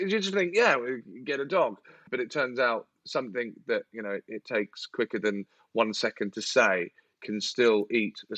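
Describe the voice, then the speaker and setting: A male comedian talking in exasperated, incredulous bursts, voice at a middle pitch. The sound is dry and close, with no room echo. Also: a bit bright. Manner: exasperated and incredulous, comic outbursts. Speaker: comedian guest. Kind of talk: comic conversation.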